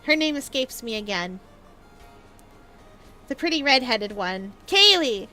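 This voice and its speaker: A woman's voice: a little high, animated, unhurried, sharp tone, soft background music. A woman streamer chatting playfully and bubbly on a casual live stream.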